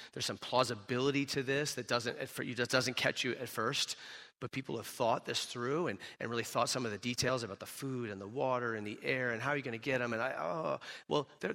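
A man preaching a sermon, telling a scripture story with emphatic, animated delivery and rhetorical questions. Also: medium pitch, vocal fry, in a large hall. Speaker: pastor.

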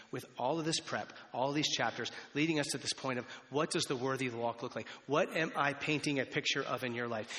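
A man's voice: medium pitch, sharp tone. A man preaching a sermon as a pastor in a church, talking conversationally with rambling asides and restarts. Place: church sanctuary. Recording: long hall reverb.

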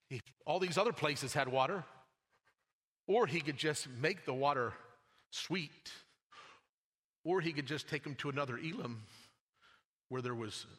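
A pastor giving a sermon, swinging between raised emphatic lines and quiet low asides. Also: male voice. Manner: preaching with dramatic swings in pitch and loudness. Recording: long hall reverb.

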